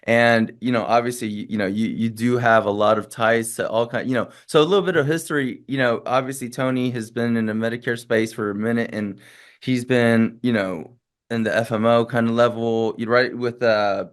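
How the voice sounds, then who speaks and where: A man hosting a relaxed podcast chat. He speaks warmly toward his guest and rambles, often restarting his sentences. His voice sits at an ordinary middle pitch. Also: brisk. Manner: friendly, rambling, many restarts. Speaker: podcast host. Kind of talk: casual podcast conversation.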